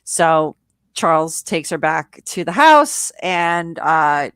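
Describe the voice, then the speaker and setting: A woman co-hosting a podcast, telling the story of a show in a casual, profane, animated way. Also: sits low, slow pace, clean tone, no echo, clean studio sound. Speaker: podcast co-host. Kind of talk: casual chat recapping a reality show.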